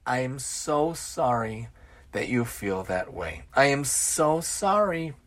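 A calm, apologetic male worker answers an angry boss in a hushed, unhurried voice, as a man acts him out. His pitch sits well below the speaker's usual. He talks gently and steadily. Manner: soft, slow, soothing.

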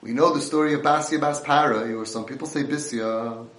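A man's voice: medium pitch, a little fast, fairly bright tone, echoey room. A man giving an impassioned Torah lecture, mixing in Hebrew and Yiddish terms.

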